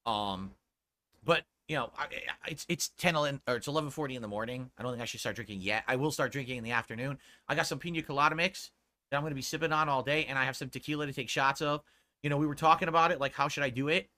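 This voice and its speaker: A man streaming live, talking casually and bluntly to his chat in a laid-back way, with a sore throat and a lower voice than usual. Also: quick pace, pushed and bright. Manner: blunt and profane when scolding chat.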